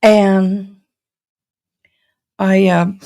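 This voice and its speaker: Chatting casually with her livestream audience and calling them by name, a woman in her forties draws out her words in a warm, mid-range voice with a level tone. Tennessee-born and Texas-raised, she has a folksy Southern accent that mixes East Tennessee and Texas.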